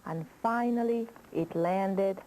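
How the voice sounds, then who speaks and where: A woman telling a children's story in an unhurried, drawn-out way, pausing to ask the listener questions. Her pitch sits in a middling range. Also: noisy background.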